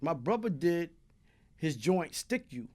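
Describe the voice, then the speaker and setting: A man's voice: on the high side, very animated, takes it slowly, a little mellow. A man from Brooklyn with a New York accent, telling a long, profane, streetwise story as an interview guest. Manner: streetwise, profane, tag questions like "you heard?". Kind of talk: casual storytelling.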